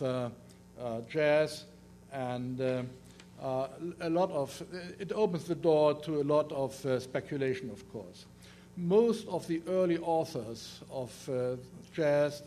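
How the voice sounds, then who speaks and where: Older German-accented man lecturing haltingly. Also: a little high, darkish tone, slight background noise. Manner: halting, many "uh" fillers and restarts. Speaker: guest lecturer. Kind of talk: conference presentation.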